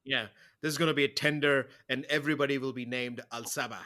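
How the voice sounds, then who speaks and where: A man hosting a podcast in casual chat, talking in a rambling, halting way with many restarts and fillers. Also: medium pitch, fairly even intonation, sharp tone, slight background noise. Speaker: podcast host.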